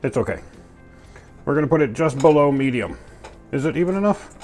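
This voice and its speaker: Cooking in his home kitchen, a man with a fairly high, expressive, slightly mellow voice talks a little fast through each step. His narration is goofy and chatty, full of playful sound words, set over clearly audible music and clattering pans.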